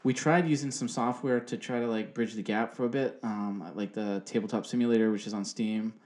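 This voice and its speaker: A man's voice: on the low side, steady tone, fairly quick, darkish tone. Loose, rambling podcast co-host, a man in his thirties with a casual, profane way of talking. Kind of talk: casual chat.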